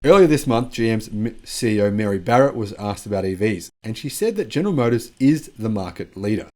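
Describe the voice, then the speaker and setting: A man's voice: on the low side, animated, a little fast, darkish tone. A man hosting a news commentary vlog, chatty and sarcastic as he reacts to the news. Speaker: channel host.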